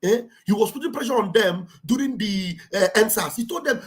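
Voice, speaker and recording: A Nigerian man giving live political commentary, animated and mocking, often laughing and mimicking others, with a preacher-like fervor. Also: high voice, a little fast, hardly any pauses, rough recording. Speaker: livestream commentator.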